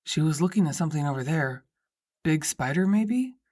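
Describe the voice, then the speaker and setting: Lady doing a chill playful young guy, voice dropped low, audiobook. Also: lively intonation, normal speed, a little mellow. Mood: calm. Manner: teasing, laid-back. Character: easygoing young man, playful, helpful boyfriend.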